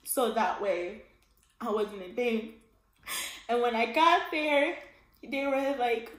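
A young woman with a high voice recounts a hard stretch of her life, her words wet with tears and broken by shaky laughs. She swears freely and talks in a loose, casual way. The room around her rings with a roomy echo. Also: slow pace, pauses often. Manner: tearful, breaks into crying laughs, swears casually. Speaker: vlogger. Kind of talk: emotional personal storytelling. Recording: echoey room.

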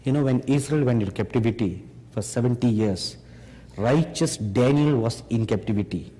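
A man preaching a sermon, slow and emphatic, pressing his listeners with rhetorical questions. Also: medium pitch, warm tone, a little hiss or hum. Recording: long hall reverb.

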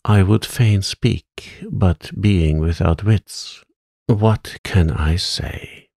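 A man's voice: low-pitched, drawn-out words, gravelly, warm tone, dry recording, studio quality, heavily acted. A man voicing a timid, witless scarecrow that mumbles fearfully.

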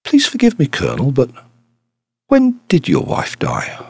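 A man's voice: mid-range voice, wildly swooping pitch, unhurried, vocal fry, slightly rough, no echo, voice pushed up, exaggerated voice. A man voicing a small, shrewd priest detective in an audiobook, speaking dryly and demurely. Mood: urgent. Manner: dry, demure, quietly shrewd.

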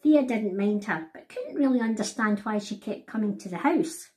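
A woman author reading her picture book aloud to children, animated and talking to them directly. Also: mid-range voice, moderate pace. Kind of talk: storybook read-aloud for children.

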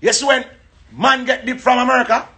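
A man with a Jamaican accent, joking loudly and telling a story in a casual chat. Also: extremely high pitch, fairly even intonation, fairly quick. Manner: loud, joking, shifts into mock-English voice.

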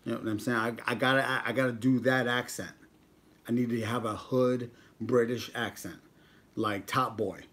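A man's voice: mid-range voice, steady tone, moderate pace, fairly bright tone. Young guy on a livestream, jokey banter with his chat, calling out names. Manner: joking, banters with chat, reads out viewer names. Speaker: mukbang vlogger on a livestream. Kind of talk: casual live-stream chat with viewers.

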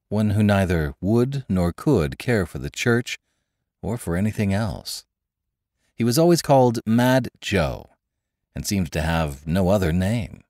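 A man giving an expressive scripted audiobook narration of a classic story. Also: low voice, no echo, studio quality.

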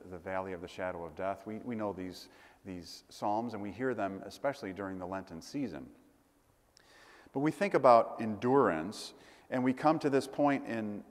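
Low-voiced priest preaching in an echoey hall. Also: male voice. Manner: conversational, digressive with asides and humor. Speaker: pastor. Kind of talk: sermon. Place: church. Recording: echoey church hall with long reverb.

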